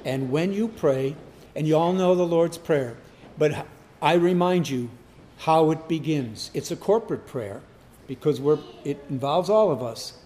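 A man delivers a sermon in a high-pitched voice, taking his time over every phrase. He repeats key words for emphasis and rises to sudden loud cries on the important lines. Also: lively intonation, unhurried, slight background noise. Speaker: preacher.

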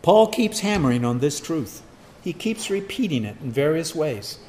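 A man preaching an expository sermon, emphatic, swinging between loud stress and hushed asides. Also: on the high side, very animated, moderate pace. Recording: echoey hall, long reverb.

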